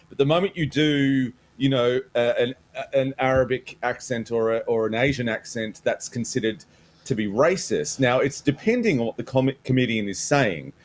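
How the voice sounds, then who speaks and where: A man co-hosting a panel talk show, speaking hesitantly, stammering and sighing as he searches for words. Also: mid-range voice. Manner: hesitant, stammering, restarts often with sighs. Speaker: co-host. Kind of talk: opinionated panel discussion.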